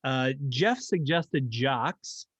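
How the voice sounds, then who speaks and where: Man, reads audience chat, lively pitch, slow, dry sound. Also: husky, no room sound, highs cut off. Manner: easygoing, reading suggestions. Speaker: improv show assistant reading audience chat. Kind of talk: live show chat.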